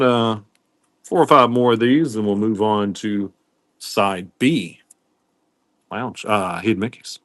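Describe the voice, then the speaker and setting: A man's voice: lowish voice, a bit bright, no room sound. A man hosting a live-stream pin sale in casual, rambling chat, greeting viewers by name as he goes.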